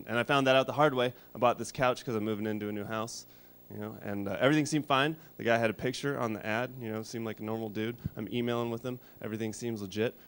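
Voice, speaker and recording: Deadpan man doing stand-up comedy. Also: medium pitch, clear, resonant tone. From Colorado. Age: 30s. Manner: deadpan, absurd one-liners. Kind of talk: stand-up set. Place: small studio.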